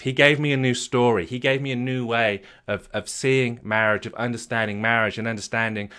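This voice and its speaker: A man's voice: medium pitch, fairly bright tone. A middle-aged man, a marriage coach, telling his own story earnestly, repeating phrases and restarting often. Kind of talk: personal story told to an audience.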